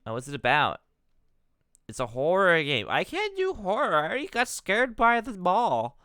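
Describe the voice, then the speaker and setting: A man's voice: sits high, wildly swooping pitch, moderate pace, sharp tone, clear, resonant tone, no echo, studio quality. Profane, exasperated male streamer. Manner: rambling, self-interrupting. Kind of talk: live-stream commentary.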